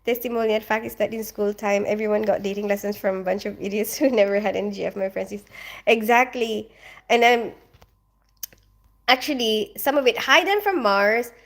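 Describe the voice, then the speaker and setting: A woman's voice: mid-range voice, normal speed. A young woman hosting a casual livestream, reading comments aloud and greeting viewers by name. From Philippines. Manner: chatty, greets viewers by name, laughs often. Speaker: livestream host.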